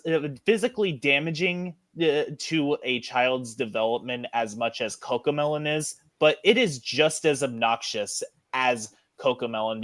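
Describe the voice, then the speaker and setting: A man's voice: fairly high pitch, fairly bright tone, no room sound. A man hosting a podcast in casual chat, rambling with many fillers and restarts. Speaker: podcast host.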